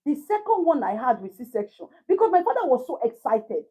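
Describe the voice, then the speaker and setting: A Nigerian woman in her thirties telling a personal story to a live chat in a casual, animated way, laughing often and slipping into pidgin. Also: sits high, brisk, breathy edge. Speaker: livestream host.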